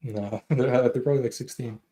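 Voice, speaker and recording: Calm, mellow-voiced male debater in an echoey room. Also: mid-range voice, fairly quick. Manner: calm, brief replies, says "bro". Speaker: debate guest. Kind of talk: casual debate.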